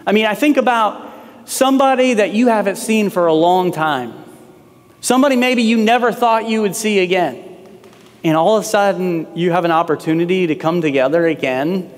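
High-voiced preaching pastor in a hall. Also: male voice, moderate pace. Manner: conversational preaching with acted quotes. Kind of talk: sermon.

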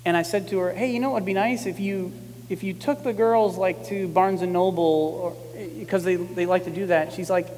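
A male pastor preaching a sermon in a conversational, emphatic way, repeating key lines and getting animated when he quotes people. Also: high voice, moderate pace, big-room sound, a little hiss or hum.

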